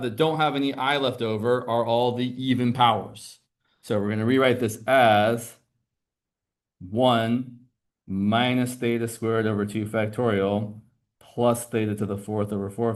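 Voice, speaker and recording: A male math teacher lecturing a class in a relaxed, conversational way, explaining step by step as he writes on the board. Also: medium pitch.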